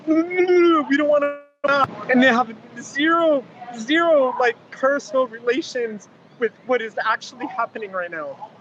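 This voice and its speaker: A man's voice: very high-pitched, a bit bright. A tearful man counter-protesting outdoors, venting in an angry, swearing outburst. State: tearful, emotional. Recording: dull, noisy outdoor camera audio.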